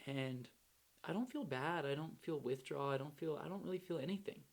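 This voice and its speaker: Guy with a gravelly voice telling his story real casual, slangy and blunt. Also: a little high, a little fast. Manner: slangy and candid. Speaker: storyteller recounting his recovery. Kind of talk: casual first-person storytelling.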